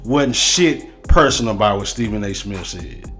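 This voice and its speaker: Male sports host, lower voice, heated profane rant, hammers his points again and again. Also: moderate pace, a bit bright, soft background music.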